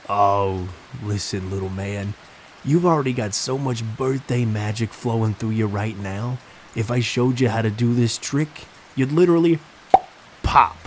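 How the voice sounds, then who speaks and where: A man's voice: fairly low pitch, measured pace, slight background noise, natural voice, rough recording. A man voicing a creepy male party clown with a thick New York accent, coaxing and wheedling.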